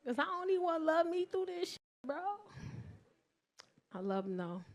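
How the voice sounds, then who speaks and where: Loud, profane New York woman comic. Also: sits high, measured pace, gravelly, long pauses, a faint crowd. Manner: loud, animated, swings to shouting; profane, slangy. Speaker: stand-up comedian. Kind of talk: stand-up routine.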